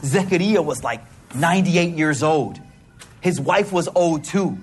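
Speaking a little slowly, this male preacher has a fairly high, slightly rough voice. Before an audience in a hall, he mixes slang-filled, casual talk with religious teaching and brings it to life by performing animated voices.

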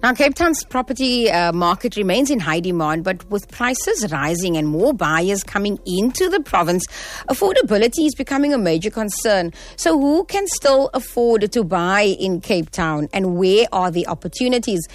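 A woman hosting a community radio show, reading the evening line-up and then chatting with a guest, friendly and quick to laugh. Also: mid-range voice, lively intonation. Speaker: radio presenter. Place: radio studio. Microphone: studio microphone.

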